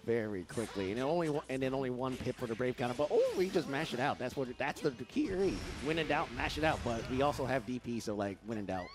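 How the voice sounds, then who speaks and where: A man giving playful, excitable live commentary on a fighting game match, acting out the players' thoughts. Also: mid-range voice, fast, few pauses, music in the background.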